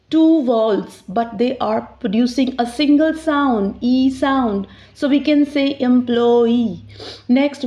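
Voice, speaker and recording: A woman walks learners through English pronunciation at an unhurried pace, drawing out each example word syllable by syllable. Her voice sits a little high but stays soft and mellow. The recording sounds slightly muffled and lo-fi. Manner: slows down to sound out words clearly. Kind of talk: slow, deliberate teaching explanation.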